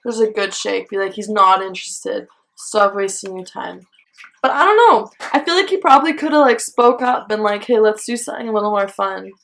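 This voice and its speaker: Chatty young woman, higher voice. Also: expressive, quick pace, hardly any pauses. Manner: chatty, filler-heavy, lots of "like". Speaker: vlogger. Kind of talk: casual storytime.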